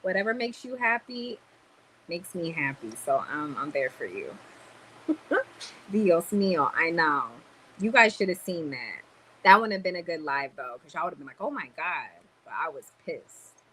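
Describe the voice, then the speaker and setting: A woman's voice: fairly low pitch, normal speed, a little hiss or hum, rough recording. A woman hosting a casual livestream, reading viewer comments aloud and tossing in Spanish words as she talks. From Cuban roots. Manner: animated, mixes Spanish words into talk. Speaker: livestream host. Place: in a store in the Dominican Republic.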